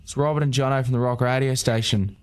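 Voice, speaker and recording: A man's voice: medium pitch, fairly even intonation, quick pace, noisy background. A male radio host revealing a prank call in a teasing, upbeat way.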